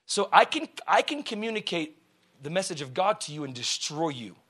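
A male preacher giving a passionate, casual sermon that swings from quiet explanation to shouting. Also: on the high side, very animated, normal speed, breathy edge. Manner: casual, conversational phrasing.

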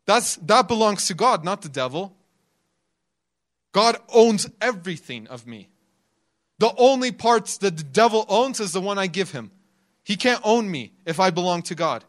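Young male preacher, voice a bit on the high side, casual and storytelling, laughs between points. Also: lively intonation, moderate pace, fairly bright tone. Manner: conversational, laughs often, acts out quotes in the story. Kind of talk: sermon.

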